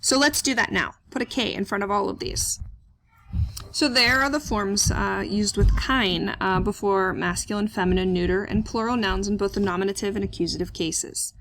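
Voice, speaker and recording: A woman's voice: medium pitch, fairly even intonation, normal speed, a bit bright. Woman teaching German grammar. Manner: explains step by step, asks questions aloud and answers them, many "uh" fillers. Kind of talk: classroom grammar lecture.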